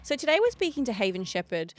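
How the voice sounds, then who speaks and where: A woman's voice: a little high, big pitch swings, quick pace. Earnest Australian woman introducing a podcast. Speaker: podcast host.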